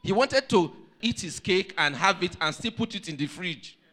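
A male pastor preaching a sermon, telling a story with lively energy and putting questions to the congregation. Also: high voice, moderate pace.

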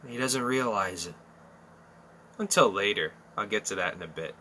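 A man's voice: fairly low pitch, expressive, normal speed, bright, forceful tone, slight background noise. A man teaching through a Bible passage, emphatic, repeating key phrases and asking rhetorical questions.

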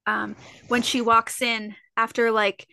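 A woman's voice: fairly high pitch, takes it slowly, creaky, clear, resonant tone. A woman co-hosting a podcast, chatting casually and animatedly, often acting out lines from scenes. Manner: animated, acts out quotes from scenes. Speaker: podcast co-host. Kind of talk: casual chat.

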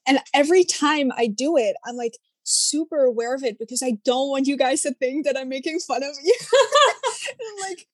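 Young Dutch woman, Dutch accent, slightly sore throat, fairly high voice, dry close sound, chatty and animated. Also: moderate pace, no room sound. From Netherlands. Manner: animated, chatty, many fillers. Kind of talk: casual chat.

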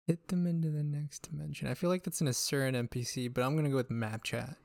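A man chatting as a guest on a gaming podcast, excitable, laughing and swearing casually. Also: on the high side, quick pace, gravelly, no room sound, studio quality.

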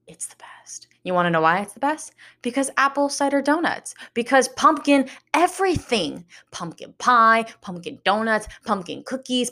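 A woman's voice: a little high, a bit bright. A young woman with a slight New York accent hosting a casual podcast, chatty and swearing freely. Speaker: podcast host.

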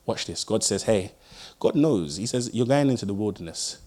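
A young man preaching a sermon, telling stories in an animated way and swinging between loud bursts and hushed lines. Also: on the low side, moderate pace. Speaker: pastor.

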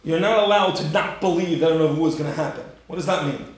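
A man giving a Torah class, animated and rhetorical, acting out the story with sudden high bursts. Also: fast, few pauses. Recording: very echoey room.

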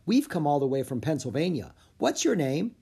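A reader voicing an eager, excited young girl in a children's audiobook, lifting the voice high and bright. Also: moderate pace, gravelly, slightly rough, full character voice. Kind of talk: audiobook character voice.

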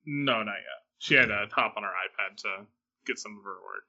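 A man's voice: on the low side, brisk, creaky, sharp tone, dull audio. A man chatting casually on a call, easygoing and dry, laughing often.

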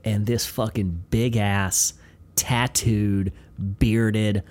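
A young man co-hosting a podcast, telling crude, animated stories in casual chat. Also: on the low side, very slow. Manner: profane, animated storytelling with mimicked voices. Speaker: podcast co-host.

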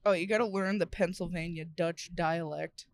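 A woman's voice: fairly low pitch, fairly even intonation, moderate pace. Young woman cohost swearing a lot, laughs all the time, loose chatty podcast talk. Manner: crude, profane, laughs often. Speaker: podcast co-host. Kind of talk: casual chat.

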